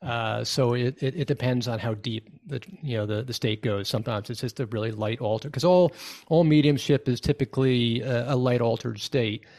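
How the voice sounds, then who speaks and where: A man's voice: mid-range voice, moderate pace, darkish tone. A man speaking as a medium in an interview, reflective and hesitant as he thinks aloud. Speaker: spiritual medium, guest. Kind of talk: conversational interview.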